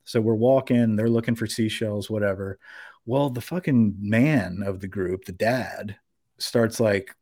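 A man's voice: on the low side, unhurried, no echo, studio quality. A young man casually telling a long, rambling anecdote on a podcast, swearing freely and acting out what everyone said. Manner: rambling, animated anecdote with profanity and quoted voices. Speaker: podcast co-host. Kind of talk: casual storytelling.

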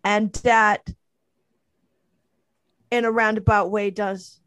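A woman's voice: mid-range voice, level tone, takes it slowly, fairly bright tone, no room sound. A woman co-hosting a casual chat, playful and mock-cynical. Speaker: podcast co-host.

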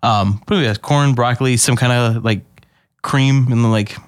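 Relaxed male podcast co-host, dry sound. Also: medium pitch, unhurried, no echo. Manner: relaxed, chatty storyteller. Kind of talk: casual chat over beers.

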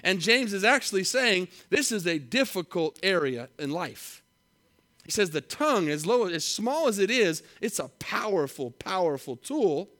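A man preaching a sermon, reading scripture slowly and with emphasis, then telling a story in a conversational way. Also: high voice, sing-song, fairly bright tone. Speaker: pastor.

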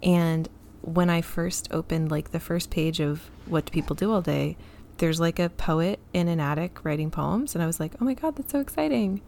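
A woman co-hosting a casual book talk, with a lower voice and a wry, laughing way of giving recommendations. Faint background noise sits under her voice. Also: level tone, moderate pace, vocal fry, a little mellow. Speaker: podcast co-host. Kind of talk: casual chat about books.

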